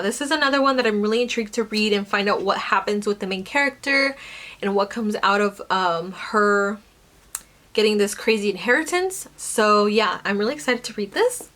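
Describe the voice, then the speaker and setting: A woman's voice: on the high side, pushed and bright. A young woman chatting casually about her book haul, rambling with lots of fillers and self-corrections. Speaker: book vlogger.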